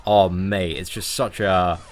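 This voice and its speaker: A man hosts a casual game stream and hands out advice with lively, animated energy. He keeps slipping "mate" into his sentences as he talks the game through. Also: low-pitched, slow. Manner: animated, says mate a lot. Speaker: streamer and channel host. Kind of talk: casual gaming advice chat.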